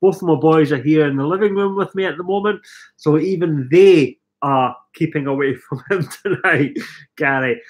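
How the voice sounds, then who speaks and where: Middle-aged Scottish man, hoarse with a cold, rambling chatty live-stream host, self-mocking, voice sits a bit high. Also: measured pace, fairly bright tone. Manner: chatty, self-mocking, reading out viewer comments. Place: living room at home.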